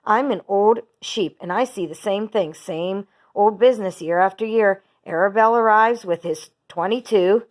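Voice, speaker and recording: A woman's voice: medium pitch, normal speed, hardly any pauses, natural voice. A woman voicing an old female sheep in a read-aloud storybook, blunt and matter-of-fact.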